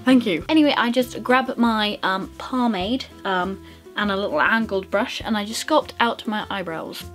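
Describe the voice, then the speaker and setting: A woman's voice: medium pitch, moderate pace, fairly bright tone, faint music behind. A young woman talking through her makeup routine in a bubbly, rambling, self-mocking way. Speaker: beauty vlogger. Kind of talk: casual makeup tutorial chat.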